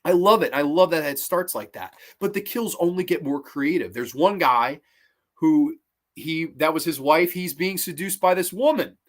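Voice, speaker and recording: A man giving a casual review of old horror films, excitable and swearing freely. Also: a little high, normal speed.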